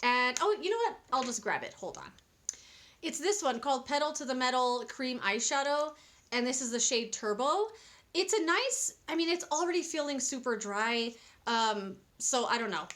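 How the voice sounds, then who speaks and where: A young woman with a high, bright-sounding voice chats through her favorite makeup products. She rambles excitedly and often corrects herself mid-sentence, in a casual review vlog. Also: moderate pace. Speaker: beauty vlogger.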